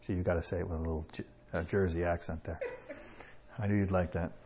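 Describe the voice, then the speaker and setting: A man preaching a sermon in a conversational way, with chuckles and slow emphatic pauses. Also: lowish voice, vocal fry, dark tone, husky.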